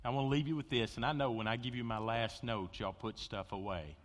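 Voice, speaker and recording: A man preaching a sermon, telling stories with big swings between loud excitement and hushed intensity. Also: medium pitch, a little fast. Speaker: pastor. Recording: long hall reverb.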